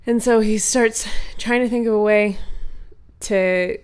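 Smooth-voiced woman improvising a story. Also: mid-range voice, fairly even intonation, unhurried. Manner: casual, playful, trading lines with a partner. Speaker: podcast co-host.

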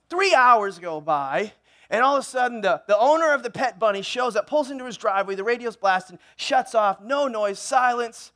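This is a man's very high-pitched voice at normal speed: a pastor in his church sanctuary, cracking jokes during his sermon. He tells a comic tale with an animated, joking style and frequent playful asides.

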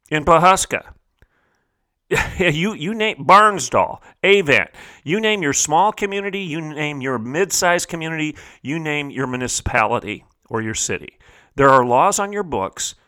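A middle-aged man hosts a talk show in a bright, forceful voice. He builds his monologue with emphatic, preacherly rhetorical questions. The studio sound is close and dry. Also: fairly high pitch, dry recording. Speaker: radio talk show host.

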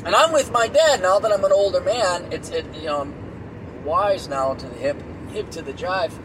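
A man's voice: high voice, animated, moderate pace. A middle-aged man hosting his podcast alone while driving, talking in a blunt, profane, exasperated way. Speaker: podcast host. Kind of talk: solo rant while driving. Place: inside a moving car. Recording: road noise from a car.

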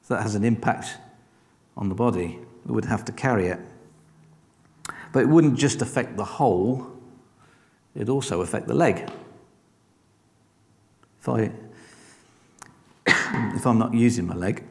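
A man's voice: on the low side, a little slow, long pauses, long reverb tail. A man preaching a sermon, conversational and encouraging, with frequent rhetorical questions.

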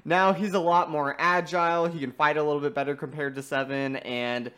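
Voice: mid-range voice, steady tone, brisk, a bit bright, clear, resonant tone. Enthusiastic podcast co-host recapping a game. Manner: enthusiastic recapping, frequent fillers. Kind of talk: casual game review chat.

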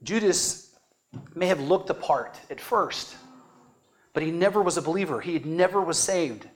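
A man's voice: fairly high pitch, moderate pace. A man preaching a teaching sermon, earnest and emphatic, stressing key words and checking in with "right?".

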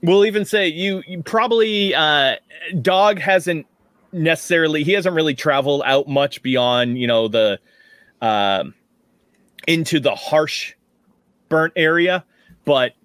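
A man serving as game master, narrating a tabletop role-playing game in a relaxed, laughing way. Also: fairly high pitch, measured pace, no room sound, studio quality.

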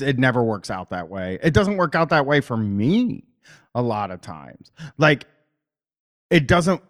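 A man podcaster talking as a guest in casual chat, rambling, swearing freely and using many fillers. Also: mid-range voice.

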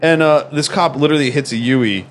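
A man's voice: fairly high pitch, brisk, a little hiss or hum. A man in casual chat, telling a rambling, profane story full of fillers.

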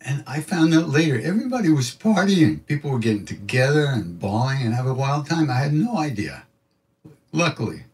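A man telling a reflective personal story, animated and acting out other people's voices in his quotes. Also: mid-range voice, brisk, far from the mic. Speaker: spiritual storyteller.

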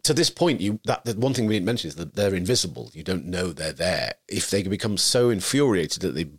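Animated man storytelling. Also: sits low, fairly quick, breathy edge. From York, England. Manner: animated, storytelling, puts on voices. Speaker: podcast co-host. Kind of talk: casual chat.

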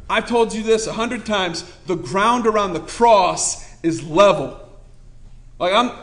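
A young pastor preaches a sermon with a very high, bright voice and a forceful tone. He's passionate yet conversational, joking with the room and repeating points for emphasis.

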